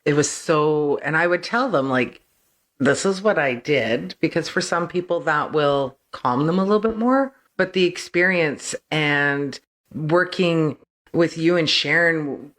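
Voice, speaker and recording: A woman with a low-sitting, fairly bright voice is a guest on a photographer's interview show. She chats about her shoot in a relaxed, enthusiastic way, giggling and affirming what's said.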